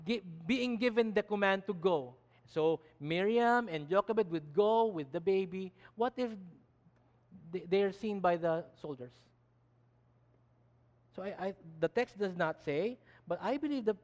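A man preaching a sermon emphatically, often restarting his words. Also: sits high. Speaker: pastor. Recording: long reverb of a hall.

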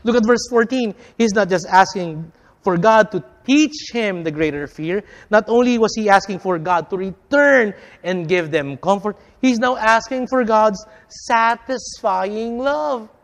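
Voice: mid-range voice, measured pace, big-room sound. Emphatic preacher with dramatic volume swings. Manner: addresses the listeners as friends. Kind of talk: sermon.

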